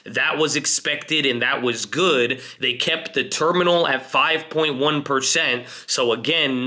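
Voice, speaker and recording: A male finance host running through the day's market news in casual commentary. His voice is very bright and sits a little high for a man. He talks quickly and excitably, walking his viewers through each point. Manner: fast, excitable, explains to viewers.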